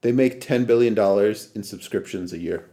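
A man's voice: lowish voice, moderate pace, dark tone. A man hosting a podcast in casual chat, laughing often and swearing casually. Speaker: podcast host.

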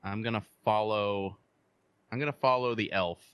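Low, forceful man at the game table, joking and mischievous. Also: fairly even intonation, normal speed, clean tone. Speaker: player. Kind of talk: casual tabletop play.

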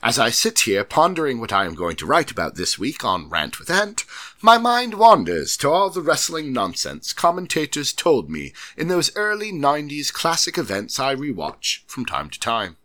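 Man doing a wobbly British accent for a letter-writing wrestling fan, hammy and lively. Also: medium pitch, moderate pace, pitched above the performer's own voice. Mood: theatrical. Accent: put-on British, drifting toward Irish. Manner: loud, bouncy, theatrical read-aloud. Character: cheery British male wrestling fan reading his letter.

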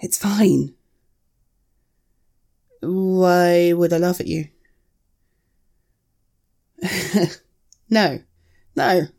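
A woman voicing a caring young woman who calmly reassures a frightened friend in an audio role-play, repeating gentle soothing words. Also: lowish voice, drawn-out words, gravelly, pauses often, heavily acted. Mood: comforting.

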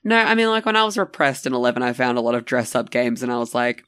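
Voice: medium pitch, quick pace, fairly bright tone, clear, resonant tone, no room sound. A podcast co-host chatting casually, joking, laughing often and swearing. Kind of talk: casual chat.

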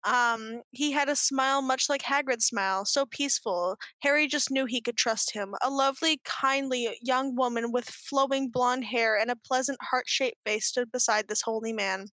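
A woman's voice: on the high side, moderate pace, few pauses, bright, forceful tone, no echo. A woman co-hosting a show, reading fanfiction aloud in a mock-earnest, giggly way. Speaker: podcast co-host.

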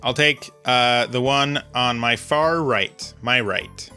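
A man's voice: mid-range voice, slow, pushed and bright, soft background music. A man hosting and editing a podcast, chatting casually in a dry, wry way. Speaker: podcast host and editor. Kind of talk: casual chat.

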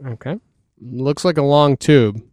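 A man with a smooth, clean voice riffing deadpan on a podcast, playing along with mock-serious commentary. The sound is dry and close. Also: mid-range voice, measured pace, dry recording. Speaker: podcast co-host. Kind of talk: casual comedic podcast chat.

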